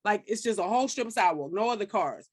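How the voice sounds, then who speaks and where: Animated young New York woman, very dry sound. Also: medium pitch, quick pace, no echo. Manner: animated storytelling, laughs often, slangy. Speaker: podcast host. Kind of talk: casual interview chat.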